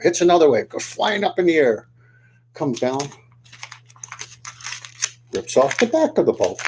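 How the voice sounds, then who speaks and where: A man telling a tale out loud, animated and full of questions to the listener. His pitch leaps up and down in a mid-range voice. Faint noise and small clicks sit under him while he folds paper. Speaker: storyteller. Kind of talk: oral storytelling to the camera.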